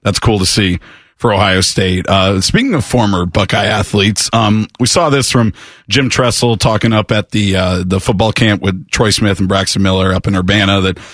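A man hosting a sports radio show, easygoing and agreeable, smoothly plugging segments. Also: on the low side, steady tone, moderate pace, fairly bright tone, no echo, clean studio sound. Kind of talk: casual sports talk.

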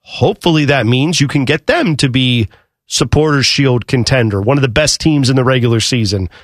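A man's voice: medium pitch, a little fast, dry recording, clean studio sound. A man co-hosting a sports radio show, talking casually and musing about the game. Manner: conversational, musing.

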